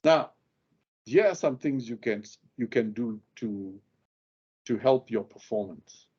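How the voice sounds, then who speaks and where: Slow and expressive, this man's mid-range voice has a darkish tone and a breathy edge, recorded in muffled audio. In a lecture on courtroom questioning, he teaches lawyers by acting out the example questions and leaning hard on the crucial words.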